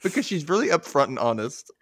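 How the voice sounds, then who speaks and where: Relaxed man chatting, dry sound. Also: a little high, fast talker, no echo. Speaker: podcast co-host. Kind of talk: casual chat.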